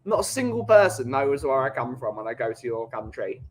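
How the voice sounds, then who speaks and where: A man with a London English accent, hosting a relaxed coffee chat stream and bantering jokily with his live chat. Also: medium pitch, fairly quick, breathy edge, poor audio. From England. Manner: jokey, rambling banter.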